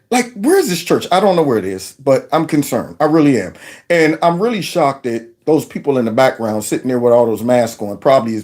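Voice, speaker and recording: Male host, lively swooping pitch, sarcastic commentary, preachy tone. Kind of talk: reaction commentary.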